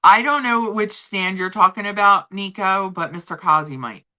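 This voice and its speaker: A woman's voice: medium pitch, moderate pace, pushed and bright. A woman livestream host, telling a story in a chatty, casual way and swearing now and then. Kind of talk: casual chat with viewers.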